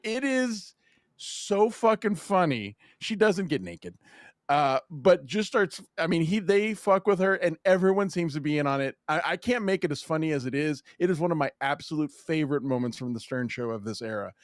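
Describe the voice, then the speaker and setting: A man's voice: a little high, lively intonation, normal speed, no room sound, clean studio sound. A man hosting a podcast, retelling a story in casual, profane chat. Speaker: podcast host.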